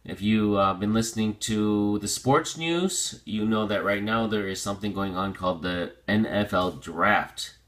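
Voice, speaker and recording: A male teacher whose voice is low in pitch but bright and forward leads a vocabulary lesson. He drills pronunciation slowly and deliberately, explaining each point by repeating and restating it.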